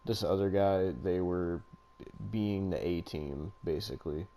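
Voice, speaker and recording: Low, mellow-voiced man recapping wrestling. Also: measured pace. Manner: rambling, profane, laughs often. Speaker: podcast co-host. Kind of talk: casual wrestling recap chat.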